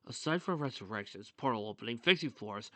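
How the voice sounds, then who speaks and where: An imperious male goat villain, voiced by a man, dropping into a lower, quieter register to issue curt, cold orders. The sound stays dry and close, with a bright edge. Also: animated, brisk, no echo. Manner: low, clipped, commanding.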